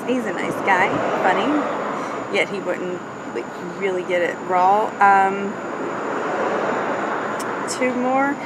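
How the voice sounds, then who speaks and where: A woman stand-up comedian in a casual interview, chatty and rambling as she tells stories. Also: medium pitch. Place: outside a comedy bar by a street. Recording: loud street and traffic noise outdoors.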